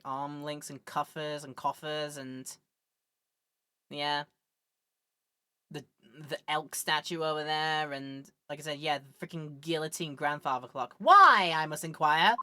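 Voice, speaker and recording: A woman's voice: deep voice, level tone, measured pace, long pauses, a bit bright, dry recording, studio quality. A woman streamer giving chatty, amused let's play commentary. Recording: game music behind.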